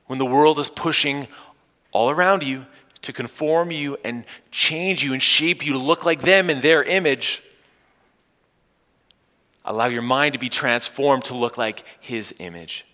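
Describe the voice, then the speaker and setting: A man preaching a Sunday sermon as pastor, animated, with playful asides to his congregation. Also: mid-range voice, a little slow, big-room sound.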